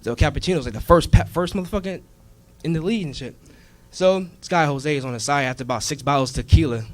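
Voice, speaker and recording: A man's voice: fairly high pitch, fast. A man doing stand-up comedy, telling a profane story and acting out the characters in it. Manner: profane, animated storytelling with acted-out voices. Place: comedy club stage with a live audience.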